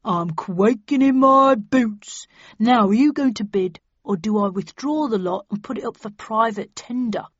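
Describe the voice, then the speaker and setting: A woman whose voice sits on the high side, lightly acted, voices a smug, hard-nosed male auctioneer in a storybook reading. He comes across as cold and mocking with drawn-out words, in a dry, slightly dull recording without echo.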